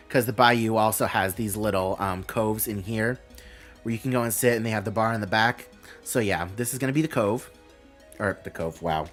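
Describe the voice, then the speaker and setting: A man's voice: fairly low pitch, a bit bright. A man hosting a live stream, reading out announcements and thinking aloud with a rambling, casual manner.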